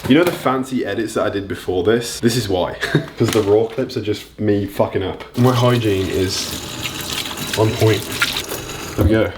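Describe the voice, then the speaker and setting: A man's voice: on the low side, moderate pace, heavy background noise. A young man vlogging casually as he cooks in a home kitchen, talking loosely, swearing freely and joking at his own expense. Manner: chatty, loose and profane, jokes at himself. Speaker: fitness vlogger. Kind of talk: casual cooking and diet vlog.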